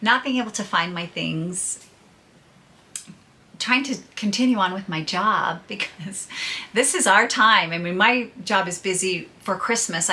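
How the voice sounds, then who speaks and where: Chatty middle-aged woman vlogger, candid storyteller, bright and lowish voice. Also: a little hiss or hum. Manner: chatty, candid, laughs through hard news. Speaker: podcaster and vlogger. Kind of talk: casual personal storytelling to viewers.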